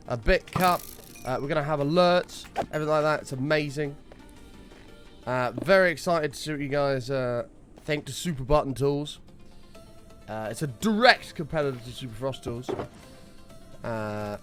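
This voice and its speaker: A man's voice: medium pitch, normal speed, faint music behind. A man chatting casually on a game livestream, reading chat and swearing often. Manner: animated, swears often, reads chat aloud. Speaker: streamer.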